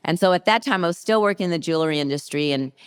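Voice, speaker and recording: A middle-aged woman, a podcast guest, telling a story in a lively, casual way and acting out the people in it. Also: lowish voice, racing, smooth. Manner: lively anecdote teller who acts out quoted people.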